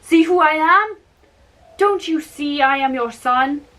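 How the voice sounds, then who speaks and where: Brief: bold young giant son, firm plain voice, slow and bright, read by a woman. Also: sits high, animated, voice pushed up, full character voice. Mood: demanding.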